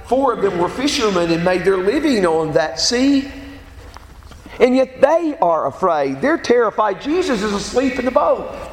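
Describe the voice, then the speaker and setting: A man preaching in a church, his voice unusually high and animated, rising and falling as he presses his points. The sound carries a long, roomy reverb with faint ambient noise behind it. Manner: emphatic preaching, quotes scripture aloud. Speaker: pastor. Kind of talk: sermon.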